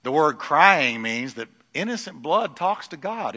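A middle-aged man preaching a sermon in a church, swinging from loud declarations to hushed lines. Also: on the high side, very animated, unhurried, few pauses. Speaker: pastor. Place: church sanctuary. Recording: long hall reverb.

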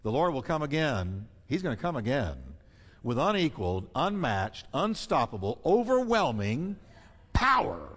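A man preaching a sermon with emphatic delivery, rising to loud high peaks and dropping to hushed asides. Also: sing-song, unhurried, breathy edge. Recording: long reverb of a large hall.

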